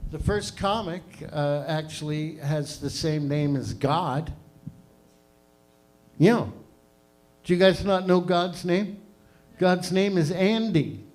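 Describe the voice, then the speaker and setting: A man's voice: a little high, slow, long pauses, a little mellow. A man in his fifties from Canada hosting an open mic, ranting through a profane stand-up set on a comedy club stage. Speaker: stand-up host.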